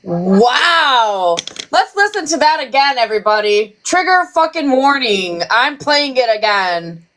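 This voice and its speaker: A woman's voice: high voice, sing-song, a little slow, fairly bright tone, slight background noise, rough recording. A woman giving profane, mocking commentary on an online drama, speaking casually to her viewers. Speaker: livestream commentator.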